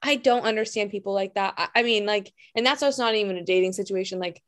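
A woman's voice: mid-range voice, fast, a bit bright. A woman co-hosting a podcast, responding sympathetically and asking questions in casual chat. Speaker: podcast co-host.

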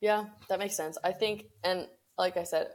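A woman's voice: lowish voice, steady tone, moderate pace. A young woman co-hosting a podcast, chatting casually with lots of "like" fillers and easy laughs. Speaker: podcast co-host. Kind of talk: casual chat.

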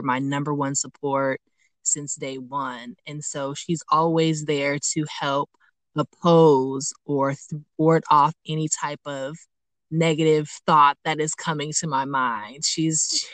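Female podcast host, low voice, dry close sound, reflective and filler-heavy delivery. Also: fairly bright tone, dry recording. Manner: reflective, searching for words with frequent ums. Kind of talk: conversational interview.

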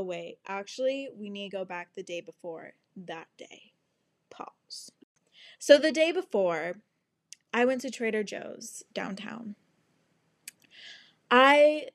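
A young adult woman tells a story from her week in a loose, chatty monologue. She talks slowly with a slightly high voice, swearing freely and sliding into sing-song asides. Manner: animated, swears often, breaks into laughs and sing-song asides. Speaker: podcast host.

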